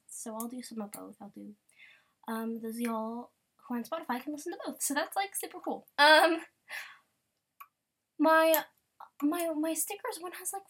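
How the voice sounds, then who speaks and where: A young woman, rambling and bubbly as she chats casually over a game, breaking into sudden excited squeals. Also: a little high. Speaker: gamer podcaster. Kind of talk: casual gameplay commentary.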